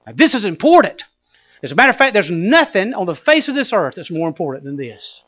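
A male preacher giving a dramatic sermon, swinging from loud exclamations to hushed asides. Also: high-pitched, very animated, brisk, dry recording. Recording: dull lo-fi recording.

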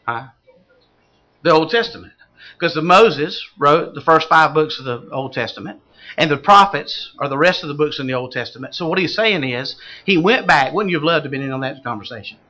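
Male pastor preaching. High, animated voice that questions the flock and rises to fervent exclamations. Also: a little fast, rough recording. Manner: asks the congregation questions and builds to fervent exclamations. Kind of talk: sermon.

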